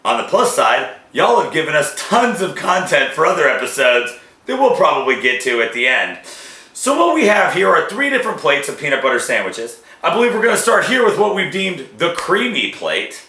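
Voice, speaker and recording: A man hosting a casual food-tasting show, joking and reacting in a drawn-out, animated way. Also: fairly high pitch. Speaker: show host. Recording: echoey room.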